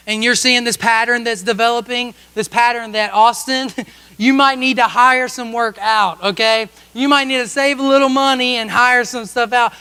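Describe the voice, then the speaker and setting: A pastor with a very high, bright, forceful voice delivers a self-mocking story to his congregation. He keeps the tone light and comic and checks in with the room with quick asides. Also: clear, resonant tone. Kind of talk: storytelling sermon. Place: church service.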